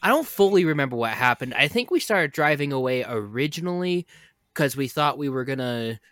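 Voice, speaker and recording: A man's voice: medium pitch, animated, brisk, a bit bright, no room sound, clean studio sound. A man in casual chat, recalling events hesitantly and a little defensively.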